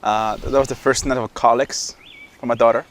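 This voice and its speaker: A man of middle pitch speaks candidly in an interview, halting often and repeating words as he looks for the next thought. His delivery is plain and conversational. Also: fairly even intonation. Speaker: interviewee, new father. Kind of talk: casual interview answer.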